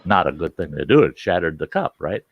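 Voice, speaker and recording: A man with a fairly low voice tells a story in a loose, conversational way, putting on the voices of the people in it. The sound is dry and a bit dull, like a live stream mic. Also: a little fast, breathy edge, no room sound. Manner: animated anecdote with acted-out quotes. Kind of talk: casual storytelling.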